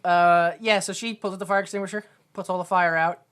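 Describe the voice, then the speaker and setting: Casual woman podcaster, low voice. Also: steady tone, a little fast, fairly bright tone, clean tone. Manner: rambling, laughing, swearing, acts out quotes in a goofy raised voice. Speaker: podcast co-host. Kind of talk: casual movie recap chat.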